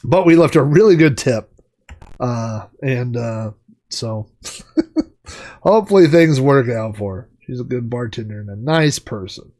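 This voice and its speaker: A man's voice: mid-range voice, lively intonation, unhurried, dark tone. A middle-aged man hosting a retro gaming show, telling a casual, rambling story with many fillers while he plays. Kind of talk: casual anecdote while playing a game.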